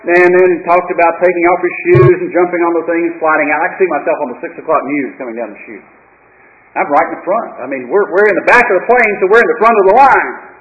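Talking fast, a pastor with a high-pitched voice spins his sermon like a storyteller, wry and theatrical, and slips into soft asides now and then. It sounds dull and low-fidelity, as though taken from a worn church cassette.

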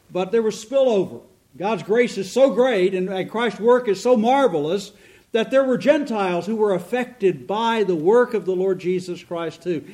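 A man's voice: high-pitched, darkish tone. A middle-aged man preaching a sermon as pastor, earnest and emphatic, asking the listeners rhetorical questions.

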